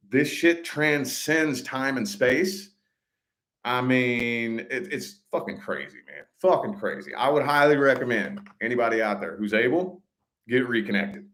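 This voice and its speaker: A middle-aged man telling a story to his viewers in a casual vlog, swearing freely and getting animated when he quotes other people. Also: mid-range voice. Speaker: vlogger.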